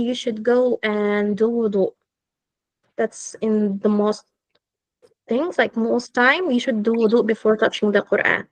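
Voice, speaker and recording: Woman, patient children's teacher on a video call, fairly high voice, dry sound. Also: no room sound, low-quality recording. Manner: gentle, simple, patient explaining to children. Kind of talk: online religious class for girls.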